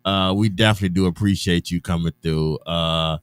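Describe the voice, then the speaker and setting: A man hosting an afternoon radio show in casual talk, loose and chatty with drawn-out hesitations and restarts. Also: deep voice, steady tone. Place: radio studio.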